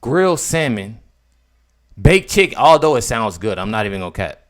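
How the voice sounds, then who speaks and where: A young man, commenting casually on a video clip. He is incredulous, swinging between loud outbursts and low mutters. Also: sing-song, normal speed.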